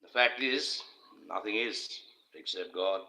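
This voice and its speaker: A man's voice: lowish voice, slow pace, gravelly, sharp tone, rough recording. An older man, hosting a casual livestream in a rambling, jokey way and chuckling to himself. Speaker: livestream host.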